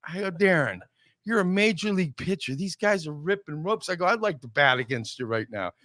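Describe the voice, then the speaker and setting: A man's voice: a little high, brisk, no room sound, studio quality. A middle-aged man, hosting a talk show and acting out stories with quoted voices and laughs. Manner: animated storyteller acting out quotes, laughs often. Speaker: podcast host. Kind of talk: casual chat, storytelling.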